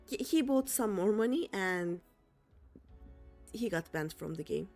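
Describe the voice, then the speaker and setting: A woman's voice: mid-range voice, sing-song, slow pace, creaky, pauses often, darkish tone, soft background music. A young woman streaming a game, chatting casually to her viewers in a rambling way with many fillers and restarts. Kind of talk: casual chat while playing a game.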